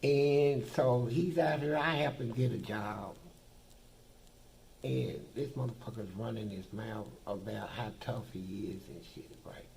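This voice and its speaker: An older man with a deep, heavily gravelly voice tells his stories bluntly, swearing freely and talking in a streetwise way. He speaks as a guest answering in an interview. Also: measured pace, a little mellow, slight background noise, low-quality recording. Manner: blunt, profane, streetwise storytelling. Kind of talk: casual storytelling.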